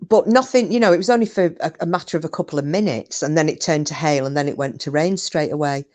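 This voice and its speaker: A woman's voice: low-pitched, fast, a little mellow. Chatty laughing woman. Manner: chatty, laughs often, swears casually. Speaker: live stream host. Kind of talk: casual chat reading viewer comments. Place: home, windy day.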